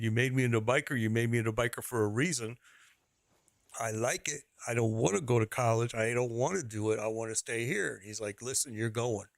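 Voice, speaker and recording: A man's voice: mid-range voice, creaky, no echo. A middle-aged man streaming, telling a rambling personal story in casual talk, repeating phrases and laughing as he goes.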